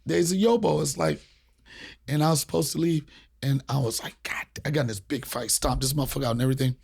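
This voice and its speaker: A man's voice: medium pitch, quick pace, vocal fry, breathy edge. A man from the Washington, D.C. area, hosting a podcast and telling a long story in casual chat with lots of swearing and acted-out voices. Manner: animated, profane storyteller acting out voices. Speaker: podcast host.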